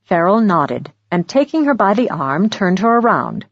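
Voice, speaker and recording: A woman reads an audiobook in a steady, measured narration. Her tone is breathy and a little husky. The recording is dry and slightly dull. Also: medium pitch, no echo. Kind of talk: scripted narration.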